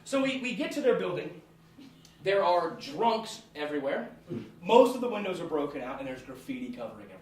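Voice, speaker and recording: A young American man telling a personal story on stage, animated and laughing as he goes. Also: fairly high pitch, a little hiss or hum. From United States. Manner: animated, laughing between lines. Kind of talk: live storytelling. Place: small theatre with live audience. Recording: echoey room, far from mic, audience.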